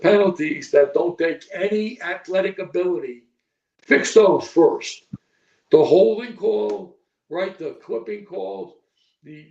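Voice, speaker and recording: A man's voice: fairly high pitch, darkish tone, slight background noise. An older man, a football coach, talking bluntly in a podcast interview, profane and repetitive, checking in with "okay?" and "right?". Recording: echoey distant lo-fi stream audio.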